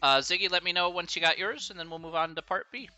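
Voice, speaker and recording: A man's voice: high-pitched, fast talker, sharp tone, dry recording, dull audio, soft background music. A man from the United States tutoring math on a live stream, chatty and encouraging, laughing often. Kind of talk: casual livestream tutoring chat.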